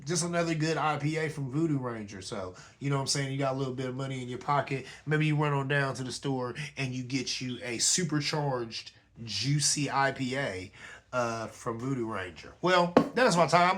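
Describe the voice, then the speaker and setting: A man's mid-range voice, fairly bright in tone and at normal speed, carries a casual monologue on his own talk show. He speaks loosely and conversationally, often checking in with "you know what I'm saying?"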